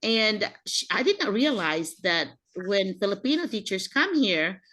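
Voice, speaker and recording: A woman's voice: mid-range voice, sing-song, measured pace, fairly bright tone. An older American woman hosts a video call for new teachers. She gives advice in a conversational way, with a mid-range voice, often restarting her sentences. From United States. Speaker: retired educator hosting a mentoring call. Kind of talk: casual video call chat.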